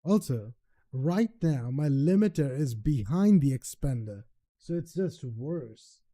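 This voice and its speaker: A man's voice: medium pitch, expressive, slow, dark tone. A streamer talking casually to himself while he tests his audio, muttering, repeating himself and swearing offhandedly. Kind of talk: casual talk to self while testing audio.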